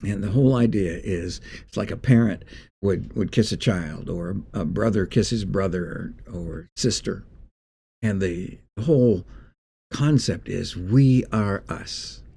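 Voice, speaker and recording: Male pastor, low husky mellow voice, folksy devotional delivery. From Northeast Indiana. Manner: folksy and conversational, with pauses and restarts. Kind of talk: short devotional talk.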